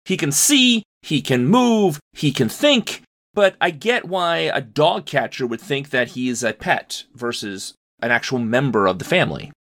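A man chats about a film on a podcast, thinking aloud as he goes. His voice is bright and forceful, recorded dry and close with no room sound. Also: mid-range voice, animated, measured pace, no echo. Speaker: podcast co-host. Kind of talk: casual film discussion.

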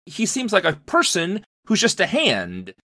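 A man's voice: high voice, huge pitch swings, a little slow, bright, forceful tone, no echo, clean studio sound. A man co-hosting a casual film podcast, thinking aloud as he recounts scenes. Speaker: podcast co-host.

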